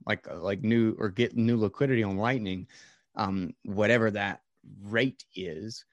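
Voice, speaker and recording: A man's voice: lowish voice, no room sound, clean studio sound. A man hosting a casual podcast chat, rambling with many fillers and restarts.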